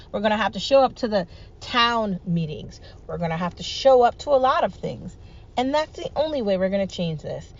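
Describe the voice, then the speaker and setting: A woman's voice: medium pitch, dull audio. A woman talking alone in an emphatic, repetitive, rallying way, swearing freely. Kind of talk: solo monologue vlog.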